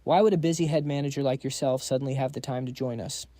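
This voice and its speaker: A man voicing a scheming old head elder, smooth and sarcastic. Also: mid-range voice, steady tone, fast talker, dark tone, no room sound, natural voice. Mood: sly.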